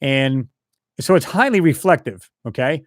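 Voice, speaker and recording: A man's voice: mid-range voice, expressive, a little slow, no room sound, clean studio sound. A man hosting a live stream, chatting loosely and rambling as he reads out viewer comments. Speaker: channel host answering live chat. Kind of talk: casual live-stream chat.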